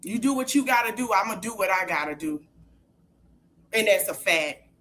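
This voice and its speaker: A woman's voice: medium pitch, animated, normal speed. Furious profane woman ranting on a livestream. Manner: heated, profane, repetitive, shouting at times. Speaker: podcast host. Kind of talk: angry livestream rant.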